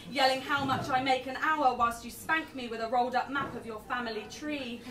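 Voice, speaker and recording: A young woman performing spoken word poetry live, with wry, self-deprecating chatter between poems. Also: high-pitched. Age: young adult. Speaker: poet. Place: live event venue. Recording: echoey room, distant mic, venue noise.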